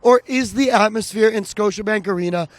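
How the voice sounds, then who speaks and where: A man's voice: high-pitched, fairly quick, no room sound. A man co-hosting a casual sports podcast outdoors in the cold, analytical and impassioned. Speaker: podcast co-host.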